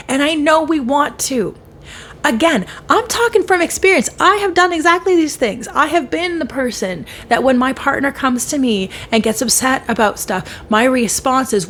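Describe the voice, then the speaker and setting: Woman podcast host, slightly high voice, earnest coaching tone, voices example replies as she talks. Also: lively intonation, brisk, a little hiss or hum. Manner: earnest, coaching, acts out quoted replies in shifting tones. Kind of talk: solo podcast talk on healing.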